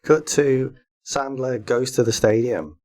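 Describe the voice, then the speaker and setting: A man co-hosting a podcast in casual chat, pitching silly comedy film ideas and laughing often. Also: slow pace, darkish tone. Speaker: podcast co-host.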